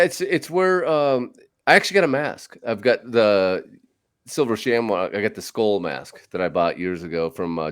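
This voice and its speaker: Lower-voiced man rambling on a podcast. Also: smooth. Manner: rambling, lively, with frequent fillers and restarts. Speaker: podcast host. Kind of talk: casual chat about movies.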